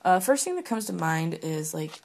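Low, gravelly young woman chatting candidly. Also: very animated, moderate pace. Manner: rambling, giggly, frequent fillers and restarts. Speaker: solo podcaster answering question prompts. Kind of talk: casual candid chat. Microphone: phone.

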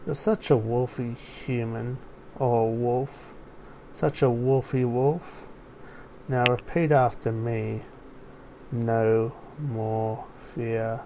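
A man's voice: mid-range voice, steady tone, vocal fry, slight background noise. A man doing a soothing wolf-man leader. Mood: coaxing. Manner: slow, soft, soothing and hypnotic. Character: calm, coaxing male wolf-man pack leader. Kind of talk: audio story reading.

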